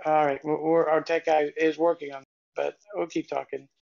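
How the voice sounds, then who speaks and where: A woman's voice: low voice, little pitch movement, moderate pace, gravelly, darkish tone, muffled recording. An older woman and podcast co-host, chatty and meandering as she tells a story in casual conversation. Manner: chatty, meandering, with frequent restarts.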